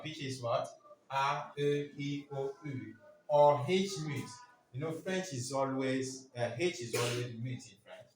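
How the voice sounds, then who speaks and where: A male teacher talks slowly and deliberately to his class, pausing to prompt them to fill in each answer. He is recorded from across a very echoey classroom, with faint noise underneath. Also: medium pitch. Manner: drills words aloud for the class to repeat. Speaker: French teacher. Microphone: far from the speaker. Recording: very echoey room, distant mic, faint noise.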